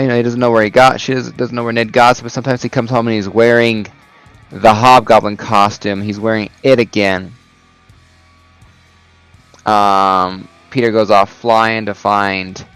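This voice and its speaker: A man's voice: mid-range voice, fairly bright tone, smooth, rough recording. A man recapping a comic book in a casual video review, rambling with lots of "you know" and "uh".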